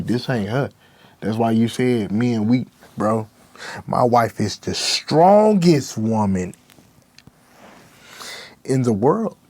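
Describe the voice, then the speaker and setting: A man's voice: medium pitch, animated, slow, long pauses, a little mellow, no echo. A young man, a rapper guest, talking candidly and emotionally in slang-heavy speech. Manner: raw, emotional, slangy with constant "bro". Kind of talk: candid interview talk.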